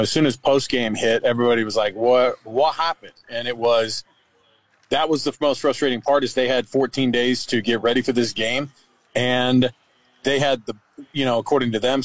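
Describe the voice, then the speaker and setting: A man's voice: mid-range voice, no echo, poor audio. A man from Texas, a radio sports host, guesting on another show and giving long, chatty analysis. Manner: chatty, fillers, explains at length.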